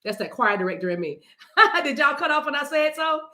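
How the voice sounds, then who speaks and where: A woman's voice: high voice, lively intonation, a little fast, pushed and bright, roomy sound. Playful woman chatting on a livestream. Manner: playful, talks to chat, breaks into song. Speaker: livestream card reader. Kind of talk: casual livestream chat.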